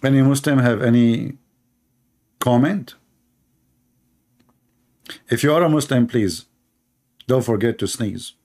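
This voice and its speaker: A man's voice: mid-range voice, takes it slowly, pauses often, darkish tone. A man with an Arabic accent and Arabic as his first language, delivering a sarcastic, mocking monologue as a commentator, in broken grammar with repeated words. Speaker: Christian apologist commentator.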